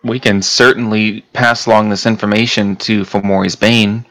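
A man voicing a formal, measured werewolf who uses slightly archaic wording in a tabletop game. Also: fairly low pitch, level tone, fairly bright tone, no echo. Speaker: player.

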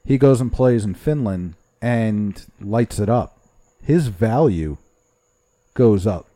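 A man's voice: fairly low pitch, animated, takes it slowly, dark tone, no room sound. A man co-hosting a casual sports podcast, blunt, crude and opinionated. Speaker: podcast co-host.

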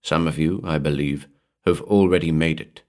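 Man voicing Brownie, hollow-toned hotelier. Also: extremely low pitch. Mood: solemn. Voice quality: hollow, monotonous tones. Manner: measured, formal, softly commanding. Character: eerie blank-faced male hotelier, calm and ominous. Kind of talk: audiobook horror character voice.

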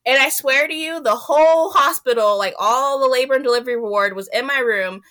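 A woman with a fairly high, bright voice tells a personal story as an interview guest. She talks in an animated, chatty way and acts out her own past lines in a raised voice. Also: brisk.

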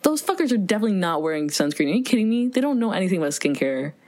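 A woman's voice: medium pitch, sing-song, rapid-fire, a little mellow. A young adult woman co-hosting a podcast in casual chat, playful and dramatic, giggling often. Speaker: podcast co-host.

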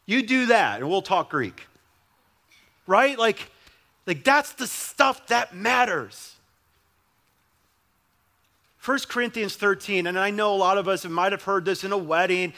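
A man's voice: high-pitched, lively intonation, measured pace, long pauses, sharp tone. A young adult male pastor preaching a sermon in a conversational way, with emphatic repetition.

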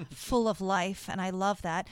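A woman hosting a podcast who talks in a gushing, excitable way in casual chat. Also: mid-range voice, smooth, no echo, studio quality. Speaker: podcast host.

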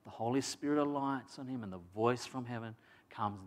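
A man's voice: mid-range voice, fairly quick. Conversational male preacher. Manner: conversational, emphatic, with frequent restarts and asides. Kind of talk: sermon.

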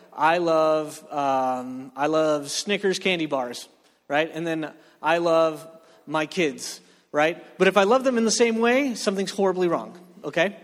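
A man preaching a joking sermon, talking with the room and asking for reactions. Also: a little high. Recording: long hall reverb.

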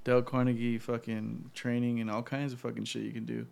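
A man's voice: mid-range voice, completely flat delivery, brisk, vocal fry, darkish tone, clean tone. A man in casual chat, laid-back and reflective, swearing often.

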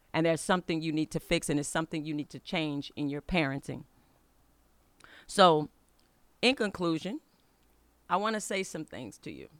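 A woman's voice: on the low side, dry recording. A middle-aged woman hosting a faith-based podcast, telling a personal story in an earnest, conversational way and urging listeners on. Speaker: podcast host.

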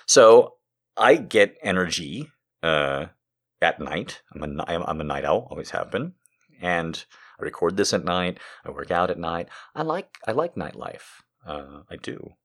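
A man with a low voice rants through a comedic monologue, swinging widely up and down as he goes. He swears freely and tosses sarcastic asides straight at the listener, like a podcast host holding court. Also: big pitch swings, unhurried. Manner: profane, ranting storyteller.

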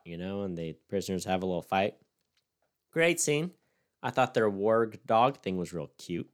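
A man's voice: low voice, moderate pace. A man co-hosting a casual comedic review chat, ranting with mock sternness and punctuating his points with "all right?". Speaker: podcast co-host.

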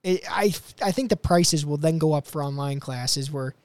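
A man's voice: a little high, normal speed, a little mellow, no echo. A young man hosting a podcast, chatting casually and loosely about clips he plays, full of fillers and restarts. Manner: rambling, filler-heavy. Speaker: podcast host.

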